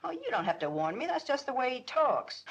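A brassy young woman from a 1940s film, with a high voice that swoops all over. She mocks and sneers, hard and lovesick at once. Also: big pitch swings, brisk, full character voice. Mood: brash. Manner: mocking, brash.

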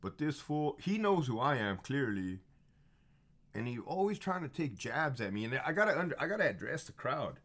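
A fired-up man in his thirties tells his stories in a blunt, profane monologue. He repeats phrases for emphasis. His pitch swings widely as he gets confrontational. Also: big pitch swings, normal speed, fairly bright tone. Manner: heated and confrontational. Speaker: former prison officer telling stories. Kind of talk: casual monologue storytelling.

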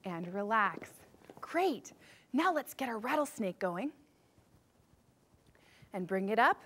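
A woman music teacher leading a children's music lesson, upbeat as she guides the class through movement warm-ups. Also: medium pitch, big pitch swings, slow, a little hiss or hum.

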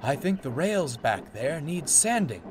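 A man's voice: on the high side, very animated, measured pace, noisy background, voice pushed up. A man voicing a grumpy old male steam engine who talks in a curt, snappish way. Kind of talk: storybook voice acting.

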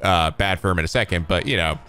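A man casually commentating a game playthrough, jokey and animated. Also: deep voice, fast. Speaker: let's play host. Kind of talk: gameplay commentary.

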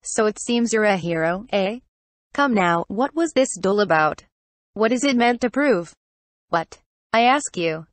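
A proud countess speaks with stern, cold scorn, read by a woman narrator. The voice sits at a medium pitch. The sound is close and dry. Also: lively intonation, unhurried, no echo, lightly acted. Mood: stern, scornful.

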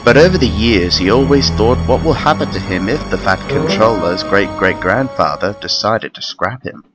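A man narrating a fan-made railway story in a plain, steady reading voice. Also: lowish voice, moderate pace, over music.

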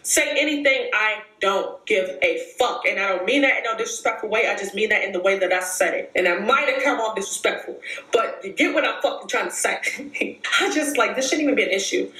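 A woman's voice: mid-range voice, bright, forceful tone, reverberant. A woman in her late twenties speaking straight to her viewers in a casual monologue. She is blunt, swears a lot and repeats herself for emphasis. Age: 20s. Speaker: vlogger.

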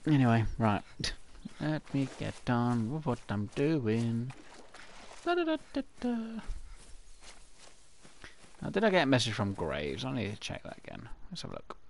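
Gravelly man rambling over gameplay. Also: mid-range voice, very animated, normal speed, slight background noise. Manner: rambling self-talk, answers himself in silly voices. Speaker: gaming channel host. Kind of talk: casual gameplay commentary.

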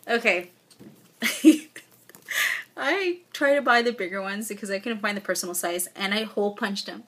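A woman's voice: mid-range voice, moderate pace, fairly bright tone. Gushing young woman unboxing gifts. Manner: gushing, effusive, often near tears. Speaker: vlogger. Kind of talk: casual unboxing vlog. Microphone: phone or camera mic.

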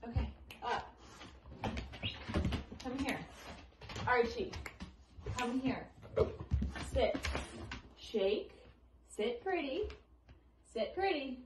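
A woman in her twenties vlogging at home, giving her dog commands in a raised pet-talk voice and chatting quietly to the camera. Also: fairly high pitch, animated, very slow, long pauses, noisy background. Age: 20s. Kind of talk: casual vlog, training her dog. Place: home, indoors.

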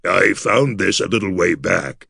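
A man's voice: low-pitched, expressive, a little slow, creaky, bright, forceful tone, breathy edge, no room sound, studio quality, heavily acted. A man voicing a polite male gargoyle who speaks in a mild, matter-of-fact way.

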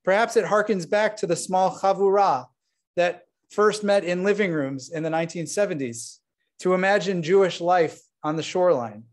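A man's voice: sits high, normal speed. A man serving as rabbi, giving an earnest installation sermon with asides to his congregation. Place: synagogue sanctuary.

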